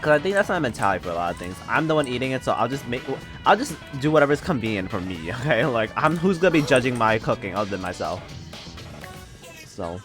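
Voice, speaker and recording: A man's voice: medium pitch, very animated, quick pace, music in the background. A young man streaming and chatting casually, telling rambling stories full of fillers and laughs. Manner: rambling, filler-heavy storytelling with frequent laughs. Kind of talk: casual chat while gaming.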